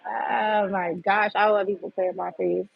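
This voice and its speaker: A woman's voice: medium pitch, little pitch movement, moderate pace, gravelly, slightly rough, highs cut off. A woman hosting a livestream, venting bluntly and profanely in a heated rant. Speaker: livestream host.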